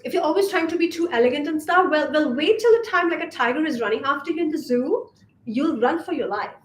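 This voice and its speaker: A young woman from Asia delivers a casual vlog monologue as a femininity coach, sassy and emphatic, with swearing sprinkled in. Her voice sits high. The room gives it a roomy echo over a faint hiss. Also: expressive, fast talker.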